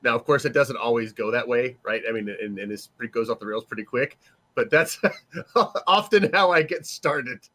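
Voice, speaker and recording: Joking, animated man in casual chat. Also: medium pitch, normal speed. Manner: joking, animated, laughs while talking. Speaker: panelist game master.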